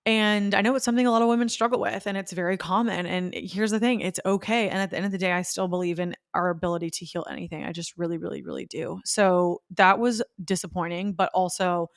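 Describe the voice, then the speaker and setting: A woman's voice: medium pitch, fairly even intonation, fast, few pauses, dry recording, studio quality. A young woman hosting a podcast, telling a personal story in an earnest, emotional way. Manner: emotional, earnest, quotes others in her own voice. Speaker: podcast host. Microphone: podcast microphone.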